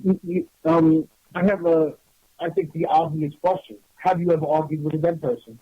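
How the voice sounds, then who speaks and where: Casting: husky, slightly high man telling a rambling story on a lo-fi radio show. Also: moderate pace, dry recording. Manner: animated, rambling, many restarts. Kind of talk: casual storytelling. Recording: dull lo-fi radio audio.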